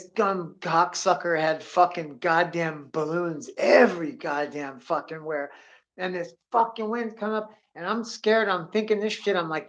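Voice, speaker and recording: A man's voice: high voice, low-quality recording. Profane rambling man telling a wild story. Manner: profane, excitable, drawling with "dude"; acts out sound effects and voices. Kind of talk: rambling comic monologue.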